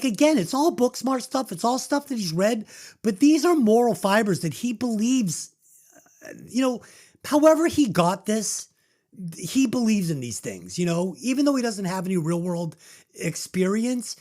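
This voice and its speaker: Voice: medium pitch, darkish tone. This is a podcast co-host talking through a film in loose, casual chat. The voice moves up and down a lot and sounds moved and choked up, with plenty of casual swearing. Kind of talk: casual movie review chat.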